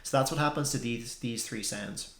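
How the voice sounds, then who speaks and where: A young man, explaining a language point in a relaxed video lesson with plenty of ums. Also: medium pitch, normal speed. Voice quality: gravelly. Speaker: language teacher. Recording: echoey room.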